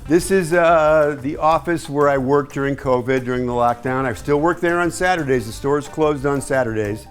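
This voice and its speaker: A man in his sixties from East Tennessee, a hi-fi sales associate giving a chatty, rambling home tour with folksy asides. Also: a little high. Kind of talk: casual home tour chat.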